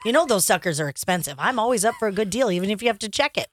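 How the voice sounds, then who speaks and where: A woman's voice: mid-range voice, lively intonation, rapid-fire, no room sound, clean studio sound. A woman co-hosting a radio show, reacting playfully and sympathetically to her partner. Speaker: radio co-host. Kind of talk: morning radio banter.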